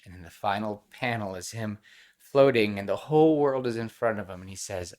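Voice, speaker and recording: Young guy with a really low voice, earnest and passionate, podcast chat. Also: a little fast, darkish tone. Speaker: podcast co-host. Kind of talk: casual chat.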